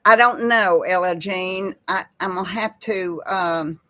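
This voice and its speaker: An older woman chatting casually with live viewers in a slow, folksy way. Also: lowish voice, pushed and bright. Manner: slow folksy talk, baby voice to her pets. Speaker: host of a live chat with viewers. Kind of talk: casual live-stream chat reading viewer comments.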